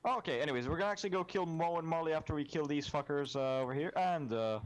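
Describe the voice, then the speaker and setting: A man's voice: a little high, fast talker, a little hiss or hum. A man hosting gaming commentary, talking casually with lots of swearing and jokes. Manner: casual, profane, joking. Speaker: host.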